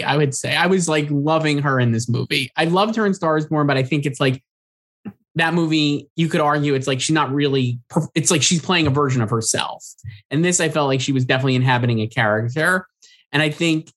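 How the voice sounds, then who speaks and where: A man's voice: on the high side, fairly bright tone. A man co-hosting a casual film awards podcast, talking loosely with lots of filler words and restarts. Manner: chatty, full of "like" fillers and restarts. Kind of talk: casual chat.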